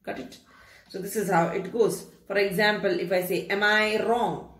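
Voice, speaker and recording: A woman teaching a grammar lesson to students, explaining rules patiently, repeating key phrases and slowing down to read out examples. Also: medium pitch, fairly even intonation. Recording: echoey room.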